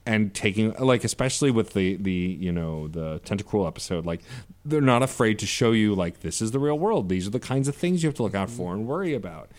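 A man with a fairly low voice speaks on a laid-back podcast. He thinks out loud, piles on fillers and restarts, and builds his points slowly. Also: expressive. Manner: thoughtful, rambling, lots of fillers. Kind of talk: casual chat.

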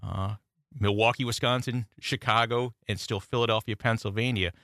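A man giving measured political commentary as a guest on talk radio, adding knowing asides. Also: fairly low pitch, steady tone, vocal fry, bright, forceful tone, dry recording, clean studio sound.

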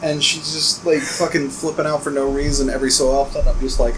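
A man's voice: medium pitch, fast, few pauses, slight background noise, rough recording. A young man co-hosting a podcast in casual chat, telling work stories with lots of swearing and acted-out customer lines. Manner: animated storyteller, swearing, acting out customers. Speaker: podcast co-host.

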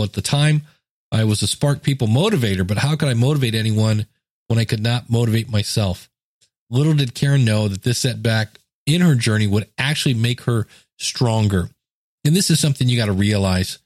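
A man's voice: medium pitch, a little mellow, dry recording. Earnest middle-aged man, dry close mic. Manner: earnest, conversational, with fillers and emphatic asides. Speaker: podcast host. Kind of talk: casual solo podcast talk, reading and commenting.

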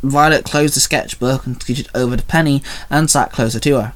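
A man's voice: medium pitch, fairly even intonation, normal speed, hardly any pauses. A man reading fan fiction aloud as narrator, in a plain storytelling read.

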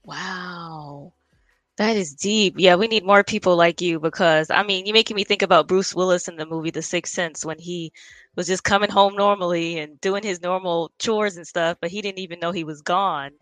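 A woman's voice: lowish voice, normal speed, a bit bright, dry recording. A woman hosting a casual interview, thinking aloud in a reflective, chatty way. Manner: reflective, casual, many fillers. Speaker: podcast host.

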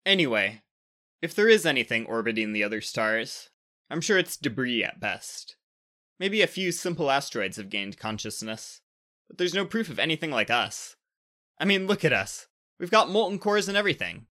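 A proud, sharp-tongued planet Earth, put on by a man reading a storybook aloud. She talks in a raised, indignant, sarcastic tone, bright and forceful. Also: medium pitch, big pitch swings, normal speed. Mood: defiant.

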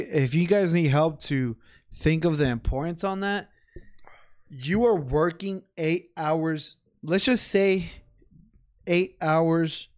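A man's voice: on the high side, dry recording, clean studio sound. A young man co-hosting a podcast, talking casually and profanely, laughing often and mimicking people. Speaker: podcast co-host. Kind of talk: casual chat.

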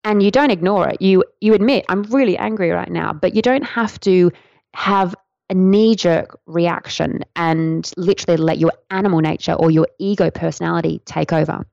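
Creaky low-voiced woman teaching. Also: steady tone, normal speed, dry recording. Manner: flowing, earnest, gently instructive. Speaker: tantra teacher, podcast guest. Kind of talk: podcast interview answer. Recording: dry, dull lo-fi sound.

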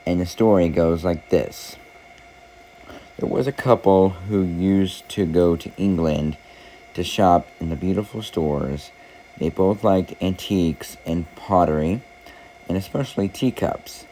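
A man with a deep, mellow voice tells a faith story and reads scripture at an unhurried pace. His delivery is deliberate and measured. A faint hiss of noise runs under the recording. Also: poor audio. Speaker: storyteller, devotional speaker. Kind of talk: slow devotional storytelling.

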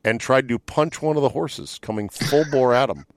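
A man's voice: mid-range voice, moderate pace, no room sound. A man hosting a casual sports podcast, joking and swearing freely, recording from inside a van. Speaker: podcast host. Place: in a van at night.

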